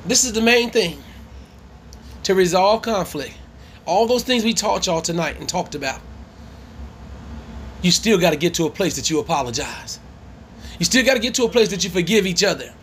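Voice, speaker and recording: A man's voice: high-pitched, animated, moderate pace, pauses often, a bit bright, a little hiss or hum. A man coaching couples in a church workshop who speaks emphatically like a preacher and repeats his challenges to the audience. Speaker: marriage coach.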